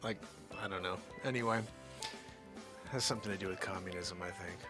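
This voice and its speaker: A man hosting his nightly live show, joking around and swinging between loud hype and low mutters. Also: fairly quick, music in the background. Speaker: host. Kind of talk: comedic live-stream banter.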